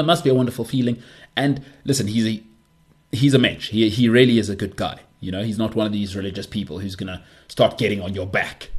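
Lowish-voiced rambling male podcast host. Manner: rambling, self-deprecating, many restarts. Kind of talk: casual solo monologue.

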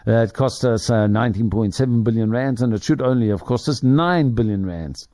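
A man's voice: mid-range voice, fairly quick, dark tone, no echo, studio quality. A man hosting a talk show, telling a rambling story full of restarts and chuckles. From Ireland. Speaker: radio talk host. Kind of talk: casual rambling monologue.

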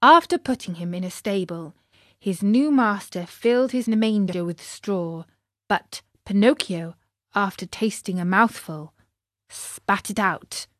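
A woman narrating a children's story in a gentle way, talking to young listeners. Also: medium pitch, measured pace, dry recording, clean studio sound.

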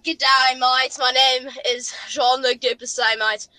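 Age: adult. Sex: woman doing a man. Figure: cheery Australian rugby bloke. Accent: put-on Australian. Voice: high, bright and even. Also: slow pace, exaggerated voice. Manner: hearty, drops "mate" into every sentence.

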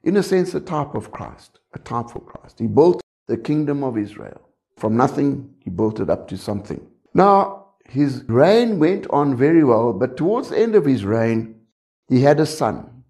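A man's voice: mid-range voice, very animated, moderate pace, gravelly, warm tone. A man preaching a sermon, talking conversationally and often checking in with the congregation.

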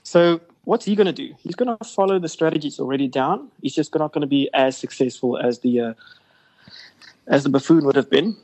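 Man, somewhat high voice, rambling, filler-heavy, business chat. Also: a little fast, a little mellow, rough recording. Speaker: investment company CEO guest. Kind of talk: casual radio business interview.

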